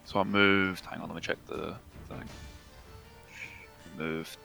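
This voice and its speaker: A male player with a very deep voice full of gravel, stopping and restarting as he works out his move. Despite the depth, the tone is bright and edgy. Faint music plays underneath. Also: steady tone. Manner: halting, searching for words. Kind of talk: casual game chat.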